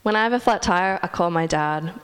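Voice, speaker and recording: Woman, young adult, preacher, sermon, earnest and measured, lowish voice, long hall reverb. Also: clear, resonant tone.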